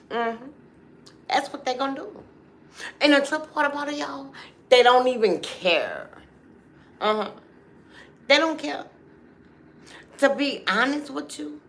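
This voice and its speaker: A woman, hosting a casual livestream and talking straight to her viewers in a chatty, animated way. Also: high-pitched, gravelly, slight background noise. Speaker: livestream host.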